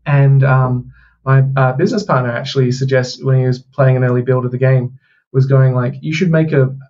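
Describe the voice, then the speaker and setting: A man game developer explains technical work in a casual interview, restarting his sentences as he goes. His voice is mid-pitched, on dull audio with a faint hiss behind it. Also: little pitch movement, moderate pace, a little mellow.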